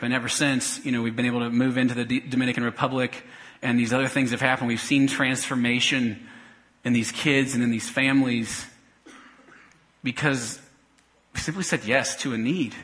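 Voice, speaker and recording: A man, a pastor, telling a personal story in a sermon, talking conversationally with many restarts and going quiet in emotional parts. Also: medium pitch, low-quality recording.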